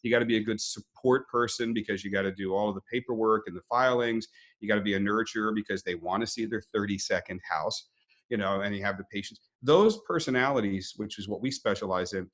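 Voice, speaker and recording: A man's voice: on the low side, quick pace, a bit bright. A man hosting a webinar interview, explaining in a conversational way with acted-out quotes.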